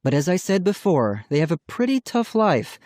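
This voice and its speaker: A man voicing a patient middle-aged mother who scolds the children gently but firmly, in an audiobook reading. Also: high voice, big pitch swings, normal speed, no room sound, studio quality, pitched above the performer's own voice. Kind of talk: audiobook character voice.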